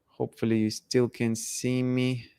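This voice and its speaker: A man's voice: medium pitch, completely flat delivery, measured pace, mellow, clean tone, dry recording, clean studio sound. A man hosting a live stream, chatting casually to viewers while he sets up screen sharing and repeats himself.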